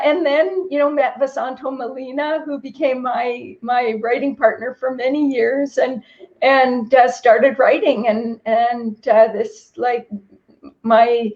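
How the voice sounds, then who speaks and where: A middle-aged woman from Canada speaks as an interview guest, her voice pitched a little high. She tells her story in an earnest, reflective way. The call audio is slightly dull and lo-fi. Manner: earnest, reflective, moved to tears at moments. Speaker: guest, registered dietitian and author.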